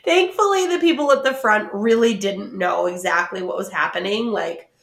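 A woman co-hosting a podcast in casual chat, an animated storyteller who laughs often. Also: medium pitch, moderate pace, vocal fry. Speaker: podcast co-host. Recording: roomy echo.

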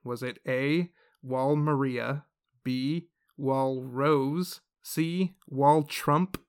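A man running a casual quiz among friends on a podcast, playful and quick to laugh. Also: medium pitch, fairly even intonation, clear, resonant tone. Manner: playful, laughs between questions. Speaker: quiz host.

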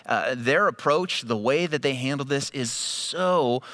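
A man's voice: medium pitch, measured pace, fairly bright tone. A male pastor giving a sermon, telling stories in a conversational, humorous way.

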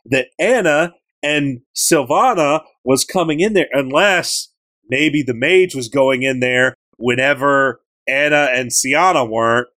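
A man chatting casually on a gaming podcast, retelling a story with animated, joking energy. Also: medium pitch, a little slow. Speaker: podcast co-host recapping a game.

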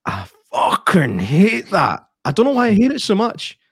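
A man's voice: high-pitched, moderate pace, slightly rough, no room sound, clean studio sound. Laughing Scottish man reviewing films. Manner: animated, swearing, laughs often. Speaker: podcast co-host. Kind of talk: casual film review chat.

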